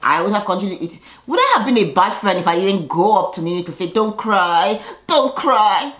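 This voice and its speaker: A woman's voice: on the low side, lively intonation, quick pace, a bit bright. A woman giving a casual recap of a reality TV episode, with sassy commentary and a habit of acting out the cast's lines in voices. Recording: roomy echoey room.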